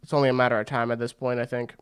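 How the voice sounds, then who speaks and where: A man's voice: mid-range voice, racing, clear, resonant tone. A man hosting a fight watch party, giving casual, rambling commentary full of slang. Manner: excitable and rambling, slangy with frequent "bro".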